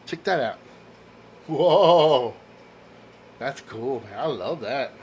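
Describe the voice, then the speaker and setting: Excitable man gushing over comics, lively pitch. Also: normal speed, slight background noise. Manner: enthusiastic, exclaims over covers; laughs at his own jokes. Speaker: comic book collector showing a haul. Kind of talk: casual vlog chat.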